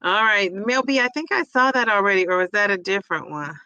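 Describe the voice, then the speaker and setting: A chatty woman hosts a livestream from home, reading viewer comments aloud and repeating them back. Her voice is bright and forward. The sound is dry and close, with no room echo. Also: medium pitch, expressive, a little fast, clear, resonant tone, highs cut off. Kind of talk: casual livestream chat.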